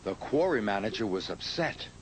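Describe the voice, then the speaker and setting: A man narrating a children's story in a lively, expressive scripted style. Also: lowish voice, moderate pace, background noise. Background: music.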